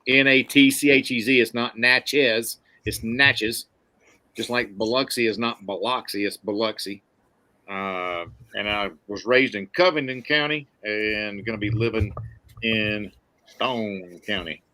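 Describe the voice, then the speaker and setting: A man from Mississippi with a Southern accent, hosting a podcast in casual, folksy, excitable chat. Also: fairly low pitch, unhurried, no echo. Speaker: podcast host.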